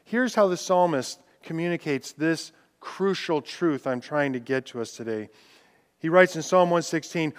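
A male pastor delivers a sermon, swinging between loud declarations and hushed, drawn-out words and reading scripture aloud with rising intensity. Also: fairly high pitch. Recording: long reverb from a large hall.

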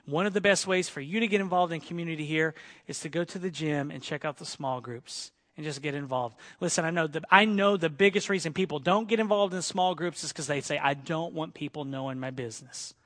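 High-voiced animated male pastor preaching. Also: a little fast. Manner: animated preaching, mimics whining grumblers. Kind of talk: sermon.

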